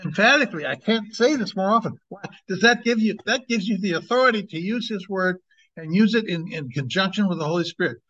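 A man's voice: high-pitched, lively intonation, bright, forceful tone. Emphatic male preacher, muffled recording. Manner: emphatic, conversational, drawn-out slow stresses. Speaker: evangelist, teacher. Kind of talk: informal sermon. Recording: dull lo-fi recording.

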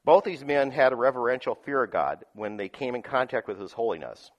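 A man preaching a sermon, reading scripture aloud and explaining it, moving between loud emphatic lines and quiet asides with frequent chuckles. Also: medium pitch, lively intonation, fairly quick, dull audio. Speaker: pastor.

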